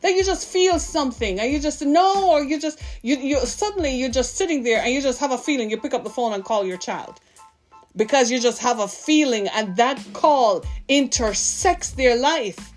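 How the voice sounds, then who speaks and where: A woman's voice: high-pitched, animated, moderate pace, faint music behind. A woman in her fifties preaching a sermon, impassioned and full of rhetorical questions to her listeners. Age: 50s.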